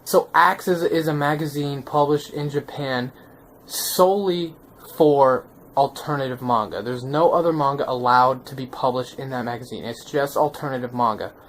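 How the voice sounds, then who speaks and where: Sex: man. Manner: excitable, slangy manga vlogger. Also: mid-range voice, normal speed, slight background noise. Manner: excitable, slangy, often checks in with the viewer. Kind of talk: casual video review.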